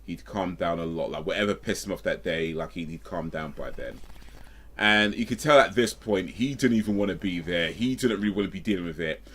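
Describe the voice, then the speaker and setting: Man, deep voice, casual streamer, rambling storytelling, self-correcting. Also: brisk, fairly bright tone, breathy edge. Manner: rambling, self-correcting, with frequent fillers and asides.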